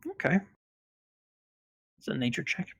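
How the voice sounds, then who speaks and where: A man's voice: a little slow, a bit bright, dry recording. A man narrating a tabletop game as game master, hesitant and full of fillers.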